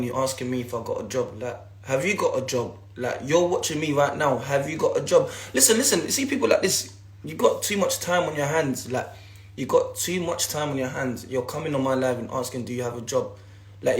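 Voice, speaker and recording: A man's voice: medium pitch, brisk. A young man, hosting a casual livestream and ranting at viewers in repetitive slang, talking into a phone. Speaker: livestream host. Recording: echoey room.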